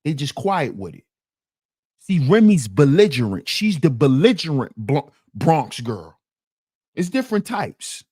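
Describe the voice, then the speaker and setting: A man's voice: on the high side, sing-song, a little slow, darkish tone, slightly rough. A man hosting a commentary channel, talking in a casual, slang-heavy, emphatic way.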